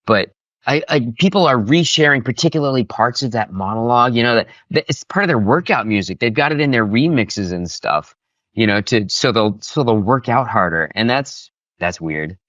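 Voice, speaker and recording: A man, a voice actor guest, chatting casually and enthusiastically in an interview, with animated, expressive delivery. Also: mid-range voice, normal speed, no echo, highs cut off.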